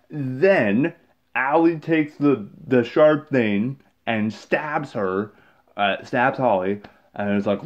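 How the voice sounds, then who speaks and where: A man talks through a film's plot in a loose, rambling rant, stumbling over words and filling gaps with ums. His voice sits fairly low, and his tone turns sarcastic and exasperated. The audio is a little dull and lo-fi. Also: a little slow. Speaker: movie reviewer. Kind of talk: casual recap rant.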